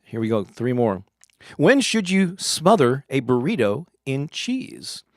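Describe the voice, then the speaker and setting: A man's voice: mid-range voice, big pitch swings, slow pace, no echo, studio quality. A man hosting a live stream, reading corny cheese jokes and laughing at his own puns.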